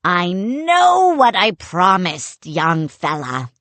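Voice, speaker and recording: A woman voicing a gruff, scheming pirate captain with a hook, in a growling pirate drawl for an audiobook. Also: on the low side, huge pitch swings, takes it slowly, a bit bright, no echo, heavily acted. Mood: mocking. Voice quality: growling, gravelly. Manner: pirate dialect, drawling and mocking. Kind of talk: audiobook character voice.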